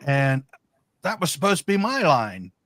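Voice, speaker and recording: A man telling a personal story in casual podcast talk, animated and acting out quoted lines. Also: fairly high pitch, normal speed. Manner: animated anecdote with quoted dialogue.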